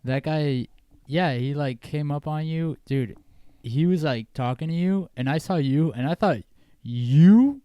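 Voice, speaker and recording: A man's voice: a little high, unhurried, smooth, no echo, lo-fi sound. A young man co-hosting a podcast, chatting in a rambling, swear-filled way. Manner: rambling, swearing, easily amused. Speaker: podcast co-host. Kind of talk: casual chat.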